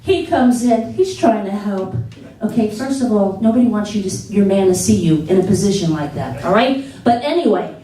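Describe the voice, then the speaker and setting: A woman doing a stand-up set on a comedy theater stage, telling stories with animated exclaimed asides. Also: mid-range voice, moderate pace. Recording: echoey theater, distant mic.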